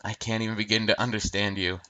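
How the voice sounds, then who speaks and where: A man's voice: lowish voice, level tone, quick pace, bright, forceful tone, dry recording. A man hosting a game playthrough, reading the dialogue aloud in assorted voices and joking about the story. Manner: playful, joking, breaks into laughter. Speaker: let's play host.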